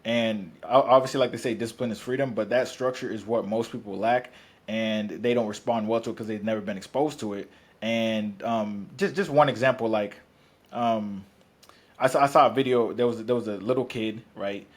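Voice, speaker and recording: A man's voice: fairly low pitch, normal speed. A man who works as a fitness coach, talking bluntly and profanely in casual podcast chat, rambling with restarts.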